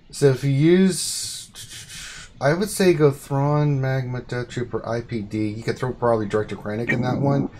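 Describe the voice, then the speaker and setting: Male stream host, excitable, medium pitch, over steady hiss and clicks. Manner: excitable, bursts of exclamation. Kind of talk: casual gaming chat.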